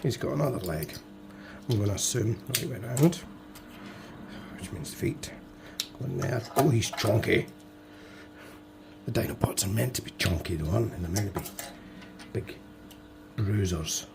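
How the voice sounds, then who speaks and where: A man with a hoarse, fading voice, muttering to himself and joking at his own expense as he builds toy models. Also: on the low side, normal speed, long pauses, noisy background. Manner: muttering to himself, self-deprecating. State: hoarse, voice going. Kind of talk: casual build commentary.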